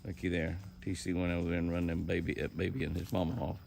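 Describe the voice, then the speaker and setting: A man's voice: deep voice, completely flat delivery, fast talker, vocal fry, a little mellow, slight background noise. An older man with a folksy drawl, narrating a casual outdoor vlog from the woods on his ranch and talking to the animals as well as to viewers. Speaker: ranch owner and outdoor show host.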